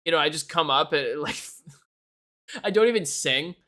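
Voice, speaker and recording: A man's voice: on the high side, expressive, normal speed, pushed and bright. A young man chatting casually on a live stream, rambling and laughing often. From Canada. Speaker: livestreamer.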